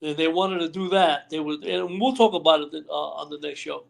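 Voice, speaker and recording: Guy with a gravelly, slightly high voice telling old wrestling stories, rambles, keeps saying you know what i mean. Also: brisk. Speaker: retired pro wrestler, guest. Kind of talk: storytelling interview. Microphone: remote live stream call.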